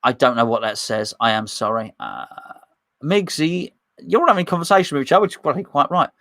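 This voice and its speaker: A man's voice: medium pitch, expressive, fast talker, pushed and bright, no echo. A man hosting a casual live stream, reading out viewer comments and rambling between them with many restarts. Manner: rambling and chatty, with frequent restarts and fillers. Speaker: host of a live fan chat stream.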